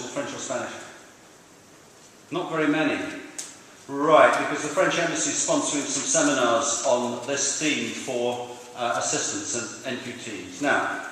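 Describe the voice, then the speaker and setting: A man's voice: medium pitch, fairly bright tone, a little hiss or hum. Older man explaining in an echoing hall. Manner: explanatory, asks the audience questions. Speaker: speaker on language teaching. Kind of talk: talk to teachers. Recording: roomy hall, from far off.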